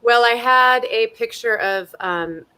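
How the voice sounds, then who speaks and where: A woman's voice: fairly high pitch, takes it slowly, sharp tone, clean tone. A woman from Southern California, an actress chatting playfully and laughing often as a guest in a live online interview from home over a video call. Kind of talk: casual live interview chat.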